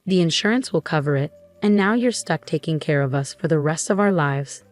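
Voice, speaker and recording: A demanding husband who blames and brushes off others, read by a woman in her usual voice. The tone is low for a woman and stays dismissive. Soft music plays faintly underneath. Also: lively intonation, fairly quick. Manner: accusing, dismissive. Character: resentful demanding young-adult husband.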